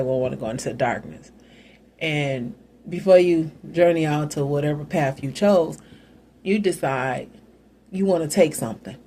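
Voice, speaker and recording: A woman's voice: deep voice, dark tone, a little hiss or hum. A woman hosting a casual Bible commentary, talking conversationally and adding side notes. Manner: conversational, musing, with asides. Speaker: host.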